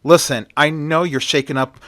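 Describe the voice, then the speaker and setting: A gruff older police sergeant in a homemade audio story who speaks firmly to his men, as a man puts him on. The voice is bright. The recording is dry and close. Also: a little high, fairly even intonation, normal speed, no echo, close to an everyday voice. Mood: stern.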